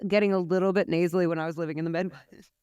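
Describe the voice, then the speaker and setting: Woman on the podcast, talks fast, smooth clear voice. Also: on the low side, steady tone, mellow, dry recording, lo-fi sound. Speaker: podcast panelist. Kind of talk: casual podcast chat.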